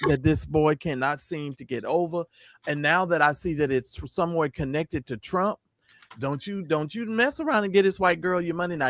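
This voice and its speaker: A man's voice: on the high side, no echo. A man co-hosting a casual talk radio show, blunt and scoffing as he teases and rants. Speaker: co-host.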